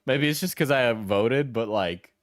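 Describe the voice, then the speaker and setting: A man's voice: mid-range voice, moderate pace, no echo, clean studio sound. A young man streaming a reaction video, laughing often, swearing and repeating himself as he gives blunt opinions. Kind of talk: casual reaction commentary.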